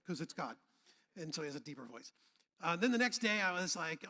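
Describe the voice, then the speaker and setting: Bright, high-voiced man preaching in a reverberant hall. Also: lively intonation, quick pace. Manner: humorous, conversational preaching with audience call-and-response. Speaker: pastor. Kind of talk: sermon. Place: church sanctuary.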